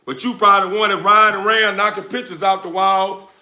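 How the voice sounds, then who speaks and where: Loud, confrontational man livestreaming. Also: high voice, flat delivery, quick pace, creaky. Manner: loud, confrontational, repetitive, slangy. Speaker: dog breeder streamer answering chat. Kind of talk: livestream rant to viewers. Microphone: no lapel mic, phone or camera mic.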